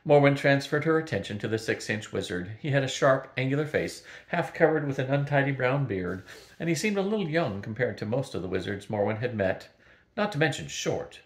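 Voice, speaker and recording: An older grandfather reading a storybook aloud in a steady, even way, with the odd small slip. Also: mid-range voice, brisk. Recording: roomy echo.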